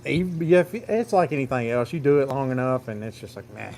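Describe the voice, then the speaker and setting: A man's voice: medium pitch, animated, fairly quick, darkish tone, slight background noise. A man, telling a rambling, plain-spoken farm story on a phone livestream. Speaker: farm vlogger. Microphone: phone camera.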